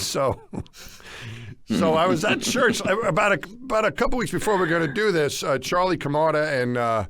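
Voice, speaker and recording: A man in his fifties co-hosting a podcast, recounting stories with lively, animated energy in a casual chat. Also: a little high, moderate pace. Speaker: podcast co-host.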